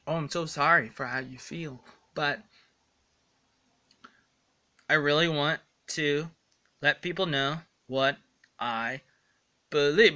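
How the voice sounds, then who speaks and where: Earnest rambling male vlogger, fairly high, very bright tone. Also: expressive, moderate pace, pauses often. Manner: rambling, stumbling over words, earnest. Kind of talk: rambling casual vlog monologue.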